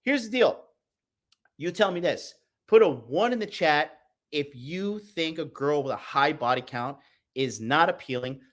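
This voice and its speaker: A man's voice: a little high, expressive, a little slow. A man hosting a live-streamed dating talk show, brash, profane and mocking as he reads the chat. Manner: talks to the audience as "bro". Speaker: livestream dating show host.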